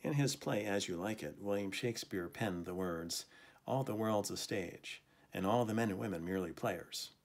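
A man teacher delivering a scripted farewell speech to graduating students in a measured, formal way. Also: on the low side, gravelly.

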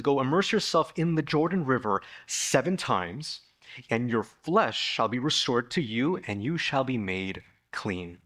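A man preaching a sermon in a church, retelling a Bible story in a lively way and raising his voice to act out the people in it. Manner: animated storytelling, acting out the figures with sudden raised pitch. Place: church sanctuary.

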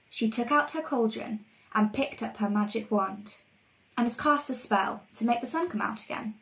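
A woman reading a storybook aloud to children in a lively, expressive way. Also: a little high, low-quality recording. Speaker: reader.

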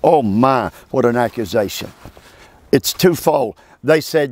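A man teaching a Bible passage verse by verse, emphatic and preacherly, with halting restarts and calls for amen. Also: medium pitch, expressive, darkish tone, no room sound.

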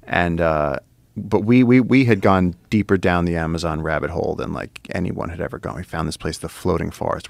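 Male podcast guest, very low gravelly voice, animated storyteller, swears freely, dry close mic. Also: dry recording. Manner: excited, profane, lots of fillers and restarts. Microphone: studio podcast mic.

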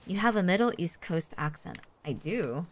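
A woman's voice: lowish voice, expressive, normal speed, noisy background. A woman streaming a video game, chatting casually and rambling with many fillers as she plays. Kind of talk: casual chat while gaming.

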